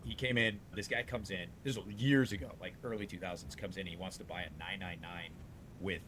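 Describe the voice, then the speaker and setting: Brief: low-pitched male dealer, casual, blunt, animated storyteller, light background rumble. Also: a little fast. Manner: rambling, animated storyteller with frequent restarts; salty, blunt talk. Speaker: dealership owner.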